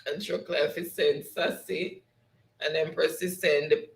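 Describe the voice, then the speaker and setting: Jamaican male host, higher voice, laughing comment reader, roomy sound. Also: fairly even intonation, unhurried, vocal fry. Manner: laughs often, reads comments aloud in patois. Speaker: show host. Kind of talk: casual live-stream chat, reading viewer comments.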